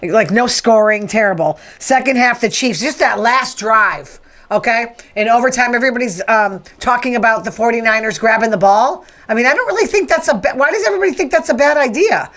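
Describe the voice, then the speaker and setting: A woman's voice: on the high side, a little fast, fairly bright tone. A woman, hosting a rambling, opinionated casual monologue. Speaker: podcast host.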